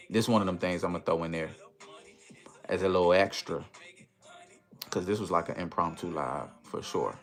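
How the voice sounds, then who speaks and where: A man hosting a casual livestream in a relaxed, easygoing way, reading viewer comments aloud and greeting them. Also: low-pitched. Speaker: livestream host.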